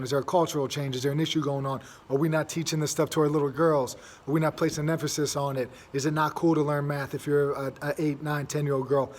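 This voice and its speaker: A young man hosting a casual monologue, rambling with many fillers and restarts. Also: on the high side. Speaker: host.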